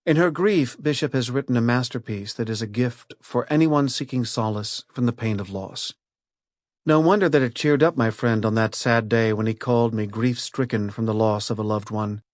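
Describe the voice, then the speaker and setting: Male narrator, middle pitch, steady and clear for nonfiction; dry booth, close mic. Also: no room sound. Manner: measured, clear reading of lists and points. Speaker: audiobook narrator.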